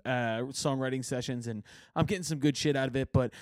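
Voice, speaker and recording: A man's voice: mid-range voice, a little fast, dry recording, studio quality. A young man from Philadelphia hosting a podcast over a video call, laughing often and swearing freely in casual chat. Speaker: podcast host.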